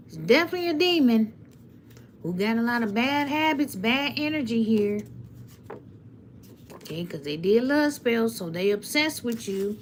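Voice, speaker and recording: On a live stream recorded through a webcam or phone, a woman reads tarot and speaks directly to her viewers in a blunt, preachy way. Her fairly high voice is animated and moves at a moderate pace, with a slight hiss or hum underneath.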